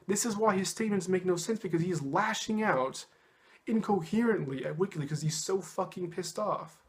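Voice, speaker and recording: A man's voice: high-pitched, a little fast. A young man delivering a heated, sarcastic, profane political rant straight to his audience. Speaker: political commentary vlogger. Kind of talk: ranting monologue.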